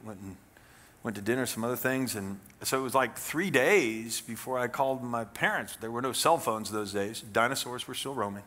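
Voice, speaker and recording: Bright-voiced middle-aged male pastor preaching. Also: medium pitch, moderate pace. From Kansas, USA. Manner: conversational and folksy, with wry jokes. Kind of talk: sermon. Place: church sanctuary.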